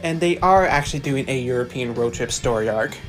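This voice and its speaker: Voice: medium pitch, brisk, soft background music. A fan commentator chatting casually and amused about a cartoon.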